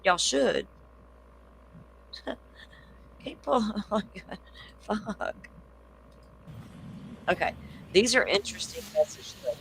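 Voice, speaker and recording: A woman hosting a casual true crime livestream, blunt and swearing freely as she thinks out loud. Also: on the high side, very animated, slow, vocal fry, long pauses, a little hiss or hum, rough recording.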